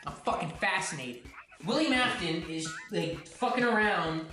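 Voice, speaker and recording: A young man rambling profanely and excitably through a comedic retelling of game lore, sounding drunk. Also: on the high side, a little slow. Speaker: host. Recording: echoey room, far from mic, faint music.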